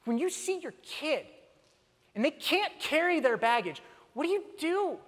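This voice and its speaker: A man preaching a sermon as pastor, telling stories in an animated way with self-deprecating humor. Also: very high-pitched, unhurried. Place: church sanctuary. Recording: long church reverb.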